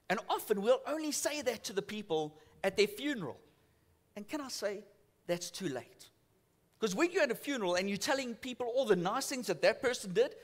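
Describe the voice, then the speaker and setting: A man preaching a sermon as a church pastor, telling stories and swinging from loud to hushed. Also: high voice. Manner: storytelling, acts out voices in quotes, swings from loud to hushed.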